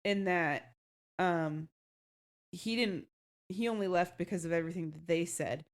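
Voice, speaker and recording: A woman's voice: lowish voice, unhurried. A woman co-hosting a book podcast, talking frankly and matter-of-factly in casual chat. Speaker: podcast co-host.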